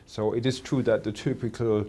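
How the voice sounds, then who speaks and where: A man working as a telecoms analyst, answering interview questions in a measured way with many pauses and fillers. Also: fairly low pitch, level tone, warm tone.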